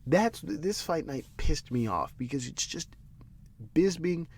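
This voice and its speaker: A man's voice: a little high, lively intonation, measured pace, breathy edge. A man hosting a solo commentary podcast, ranting heatedly and with profanity, often repeating words and restarting sentences out of frustration. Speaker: podcast host.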